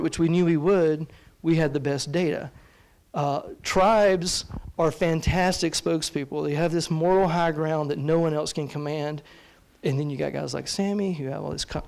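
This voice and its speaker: A man's voice: fairly high pitch, moderate pace, creaky, darkish tone. A man with a Southern US accent, speaking on a panel in a casual, emphatic way. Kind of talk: casual talk at a symposium.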